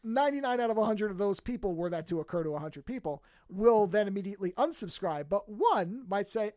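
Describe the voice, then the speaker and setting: A man's voice: high voice, expressive, a little fast, few pauses, a little mellow, no room sound, studio quality. A man co-hosting a podcast, talking in a rambling, self-amused way with many restarts. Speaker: podcast co-host. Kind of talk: casual chat.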